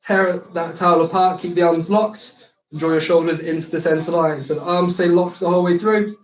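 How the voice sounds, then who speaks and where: A young fitness instructor cues exercises for a live online circuit class, staying upbeat and throwing in light banter. He speaks a little fast, in a high voice with fairly even intonation, and the space is echoey.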